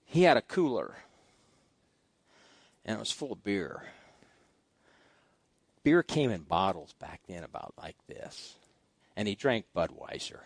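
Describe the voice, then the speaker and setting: A middle-aged male pastor telling folksy personal stories during a sermon, swinging between loud asides and quiet musing. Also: on the low side, very animated, unhurried, long pauses, husky, dry recording. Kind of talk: storytelling sermon. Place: church sanctuary.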